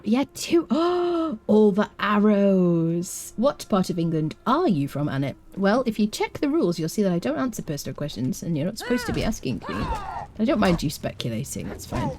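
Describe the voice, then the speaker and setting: Chatty woman streaming a game, mellow voice. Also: sits low. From United Kingdom. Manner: chatty, talks to viewers in chat. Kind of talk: live-streamed gameplay commentary.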